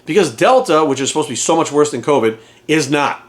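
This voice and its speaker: A man's voice: fairly high pitch, expressive, fast talker. A man in a heated, profane rant to camera, hammering his points home by repeating them. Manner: heated, profane, emphatic, repeats phrases for force. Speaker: fitness trainer and coach. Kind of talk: ranting monologue to camera.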